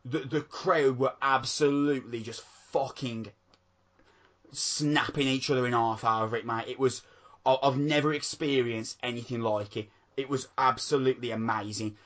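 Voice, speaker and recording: Male podcast co-host, mid-pitched, excitable, profane, keeps saying mate. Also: normal speed. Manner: excitable, swears a lot, calls people mate. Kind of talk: casual chat.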